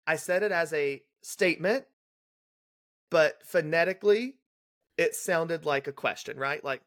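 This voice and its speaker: A young adult man, a guest on a podcast, telling a detailed clinical story in a brisk, casual way and acting out the dialogue. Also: fairly high pitch, a bit bright. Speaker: guest, legal nurse consultant.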